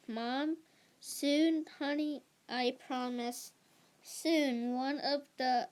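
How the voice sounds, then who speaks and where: A woman reading a first-person novel aloud in a slow, halting delivery with small slips. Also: high voice, clear, resonant tone. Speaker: reader.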